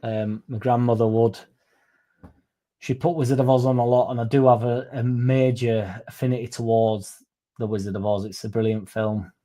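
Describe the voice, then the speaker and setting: A dark-toned, medium-pitched male voice with little pitch movement, delivered at a moderate pace. He's a young fan-channel streamer who rambles through casual chat, swearing here and there and reading out what viewers type.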